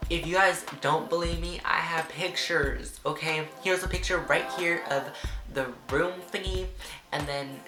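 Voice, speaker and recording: A young man telling a rambling, excitable storytime vlog, full of "like" and acted-out reactions. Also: on the high side, measured pace. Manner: chatty, rambling, fillers of "like" throughout; excitable, acts out reactions in quoted voices. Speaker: vlogger. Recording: roomy echo with background music.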